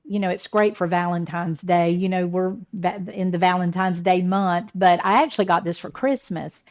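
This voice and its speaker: A woman's voice: fairly low pitch, fairly even intonation, moderate pace. Chatty laughing woman, lo-fi sound. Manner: chatty storyteller, laughs often, repeats words. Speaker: podcast co-host. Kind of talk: casual chat.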